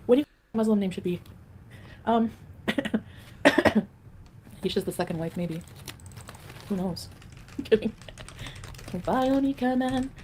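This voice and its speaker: A woman's voice: mid-range voice, lively intonation, slow pace, long pauses, dark tone, a little hiss or hum. A woman livestreaming in a casual, rambling way, reading viewer comments aloud and answering them.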